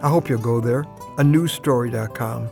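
A man giving a short radio devotional, earnest and emphatic, with dramatic pauses. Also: medium pitch, creaky, darkish tone, soft background music. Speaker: radio preacher.

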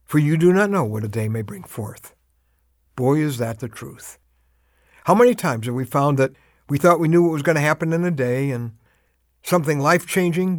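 A man's voice: a little high, dry recording, clean studio sound. Earnest older man giving a devotional. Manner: earnest and emphatic, slowing for urgent appeals. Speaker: radio devotional speaker. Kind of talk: short radio devotional.

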